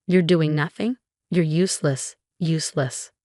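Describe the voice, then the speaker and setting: Sneering, spiteful mother-in-law, voiced by a woman reader; low-pitched, dry. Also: unhurried, darkish tone, no echo. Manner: sneering, insulting. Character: spiteful, scornful middle-aged mother-in-law.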